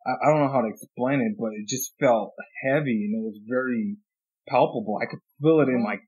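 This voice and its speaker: A man hosting a casual interview, relaxed, with quick backchannels and easy laughs. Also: mid-range voice. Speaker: interview host. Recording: slightly dull, lo-fi sound.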